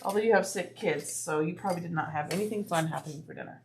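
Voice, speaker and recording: Sewing bags on a livestream from her home crafting room, a woman chats casually with viewers while she works. Her lowish voice moves at a quick pace, with background noise. She's chatty, slipping into soft asides and playful voices.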